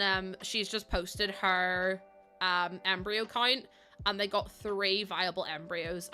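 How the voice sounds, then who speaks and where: Bright-voiced young woman streaming. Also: mid-range voice. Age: young adult. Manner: chatty and rambling, reacting to chat messages. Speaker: livestreamer. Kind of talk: casual livestream chat while playing a game.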